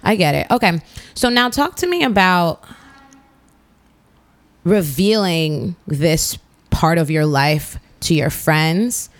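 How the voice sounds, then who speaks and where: A woman's voice: on the low side, expressive, slow pace. A woman hosting a podcast interview in a chatty, blunt way, cursing freely. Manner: chatty, blunt, curse-laden. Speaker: podcast host. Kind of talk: casual interview.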